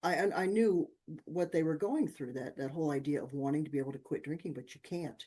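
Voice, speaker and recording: A woman guest on an interview show, telling lively personal stories and acting out the people in them. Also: sits low, brisk, slightly rough. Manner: lively anecdotes with acted-out quotes. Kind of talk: conversational storytelling.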